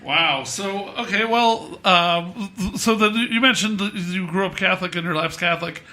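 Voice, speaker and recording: A man hosting a podcast, asking rambling, halting questions full of fillers. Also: high voice, pushed and bright. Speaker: podcast host. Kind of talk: casual interview.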